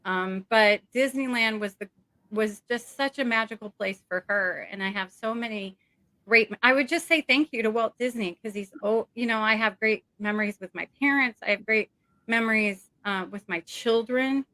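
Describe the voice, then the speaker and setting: A woman's voice: a little high, normal speed, pushed and bright, no room sound. A middle-aged woman talking as an interview guest over a video call, rambling and emotional with many fillers.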